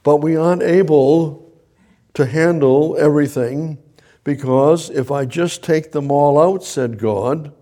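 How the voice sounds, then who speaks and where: Gravelly, husky man preaching from the Bible. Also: mid-range voice, mellow. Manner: reads scripture then paraphrases God in a casual voice; repeats phrases, frequent restarts. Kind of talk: sermon, Bible reading and commentary.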